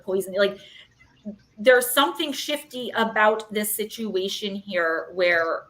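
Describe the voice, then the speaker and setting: A woman's voice: mid-range voice, bright, forceful tone. A woman in her thirties giving chatty, rambling card readings on a live stream in an echoey room. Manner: chatty and rambling, fillers, emotional. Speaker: intuitive card reader.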